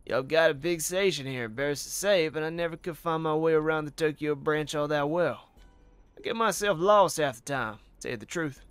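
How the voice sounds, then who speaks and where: A man's voice: on the high side, brisk, a bit bright, clear, resonant tone, dry recording, natural voice. A man voicing a friendly male police officer in a put-on American Southern drawl, chummy and folksy, reading game dialogue dry and close to the mic.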